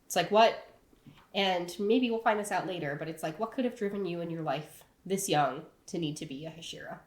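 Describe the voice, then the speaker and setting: Woman podcast co-host, relaxed and musing, recorded in a reverberant house room. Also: on the low side, a little fast. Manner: thinking aloud, many fillers, laughing. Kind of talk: casual chat. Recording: roomy echo.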